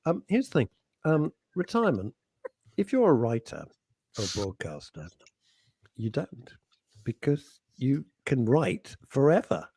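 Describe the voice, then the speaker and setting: A man's voice: mid-range voice, big pitch swings, unhurried, long pauses, a little mellow, slightly rough, no room sound. A man co-hosting a radio show, chatting and joking in a casual, ranting way. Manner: chatty, jokey, ranting asides. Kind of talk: casual studio banter. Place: radio studio. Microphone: studio microphone.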